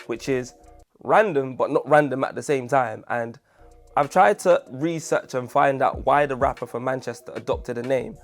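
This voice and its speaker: A man's voice: medium pitch, normal speed, soft background music. A man hosting a casual commentary video, jokey and self-deprecating, full of chatty asides. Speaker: video essay host.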